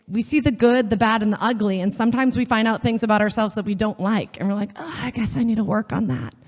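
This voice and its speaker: A woman gives a faith talk at a women's gathering, earnest and chatty, slipping into little acted voices when she quotes people. Her voice sits at an ordinary middle pitch and rings with the long reverb of a large hall or chapel. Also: darkish tone. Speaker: speaker at a women's session. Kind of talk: faith talk to a live audience.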